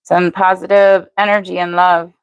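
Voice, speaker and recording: A woman's voice: lowish voice, normal speed, smooth, no echo. An older woman doing a live-stream tarot reading, chatty and matter-of-fact, speaking to viewers by name. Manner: even, matter-of-fact delivery. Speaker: tarot reader.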